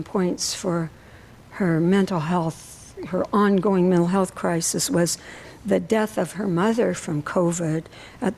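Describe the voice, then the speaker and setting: A woman, a science teacher, telling a personal story at a worship service in a halting way with many fillers. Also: on the low side, gravelly, a little mellow, poor audio. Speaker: lay speaker sharing a reflection.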